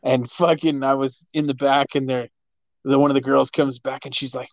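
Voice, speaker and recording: A man's voice: mid-range voice, flat delivery, moderate pace, no room sound, highs cut off. A laid-back man telling a story in casual, profane chat. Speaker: friend in conversation.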